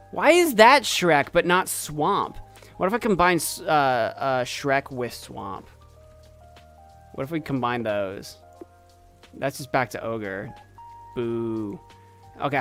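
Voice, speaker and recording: A man streaming a game, chatting playfully and excitedly as he thinks aloud. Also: fairly high pitch. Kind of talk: casual gameplay commentary.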